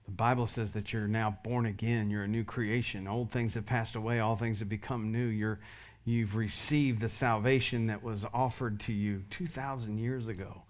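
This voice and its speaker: A man's voice: fairly low pitch, steady tone, normal speed. A male pastor giving an earnest sermon altar call, leading the congregation in prayer line by line. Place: church sanctuary.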